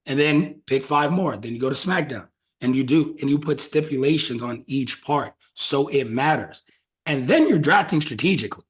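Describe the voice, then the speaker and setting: A man hosts a casual podcast chat with a middling, everyday pitch. He talks loosely and swears freely. He builds his ideas out loud as he goes. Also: lively intonation, normal speed. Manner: loose, profane, brainstorming out loud. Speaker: podcast host.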